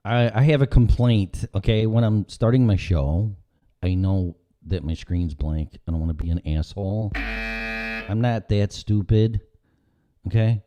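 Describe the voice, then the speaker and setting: A man's voice: sits low, moderate pace, muffled recording. A middle-aged man hosting a casual live-stream show, rambling and sarcastic with frequent swearing. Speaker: podcast host.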